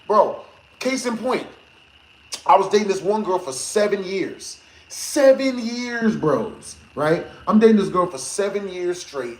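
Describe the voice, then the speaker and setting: High-voiced man telling a story to stream chat, in an echoey room. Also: unhurried. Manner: animated, laughs often, swears and uses slang. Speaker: gaming streamer. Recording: echoey room with faint noise.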